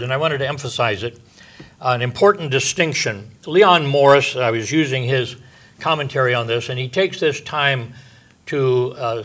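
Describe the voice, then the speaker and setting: An older male pastor delivers a Bible-teaching sermon in a conversational, folksy style, with homey asides. His voice is medium-pitched and a bit bright, and he uses frequent fillers while drawing out the stress on key words.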